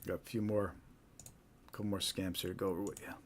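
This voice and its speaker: A man's voice: deep voice, level tone, fast talker, slight background noise. A man hosting a live stream, explaining things casually and often asking "right?". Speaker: host.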